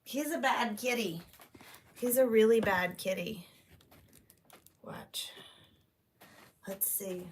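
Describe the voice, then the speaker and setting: On the high side, her voice sounds reverberant with a faint hiss or hum as she vlogs casually from home with a phone camera. She chats away, swearing a little and drawing out her complaints.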